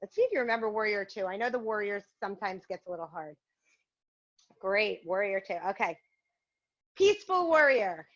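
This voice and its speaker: Leading a virtual yoga and mindfulness class, a woman guides poses and a game in an upbeat, encouraging manner. Her medium-pitched voice is expressive and a little fast, with frequent pauses. The video-call microphone leaves the audio muffled.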